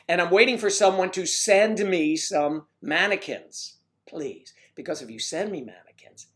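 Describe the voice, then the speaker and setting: A man's voice: fairly high pitch, animated, moderate pace, few pauses. A man hosting a casual livestream from home, chatting in a joking, rambling way that drifts between topics. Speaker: livestream host.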